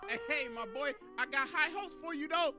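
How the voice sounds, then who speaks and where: Man, high lively voice, animated swearing commentary, laughs a lot, music underneath. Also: moderate pace. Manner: animated, profane, laughs often. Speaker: anime commentator. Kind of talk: casual video commentary. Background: background music.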